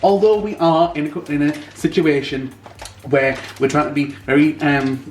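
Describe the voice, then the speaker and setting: A man's voice: a little high, steady tone, moderate pace, echoey room, slight background noise. A young British man chatting casually to camera at home for his vlog, rambling with plenty of ums. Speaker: vlogger. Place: at home, indoors.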